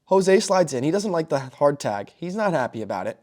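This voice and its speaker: Young man, sports host, excited recap commentary, bursts of loud exclamation. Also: fairly high pitch, brisk.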